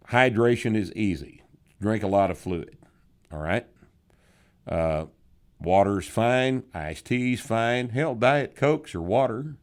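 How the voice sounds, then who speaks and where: An older man hosting a podcast Q&A, answering listener questions in a blunt, sardonic way with some swearing. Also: on the low side. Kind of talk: casual podcast Q&A.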